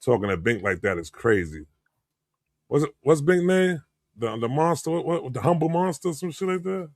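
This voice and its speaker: A man's voice: on the high side, sing-song, moderate pace, dry recording. Teasing man on a podcast, dry sound. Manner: teasing, repeats jokes. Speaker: podcast co-host. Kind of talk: casual chat.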